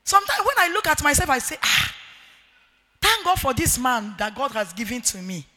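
A middle-aged Nigerian woman preaches to a women's gathering, her voice very high and intensely bright. She shouts emphatic points and slides into sing-song cadences. The sound rings with the long reverb of a large hall. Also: moderate pace. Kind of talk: sermon to women.

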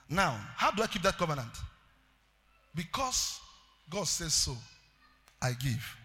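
A male pastor preaching a sermon, calling out to the congregation and building up to loud shouted declarations. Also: a little high, big pitch swings, measured pace, long pauses, in a large hall. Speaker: pastor, evangelist.

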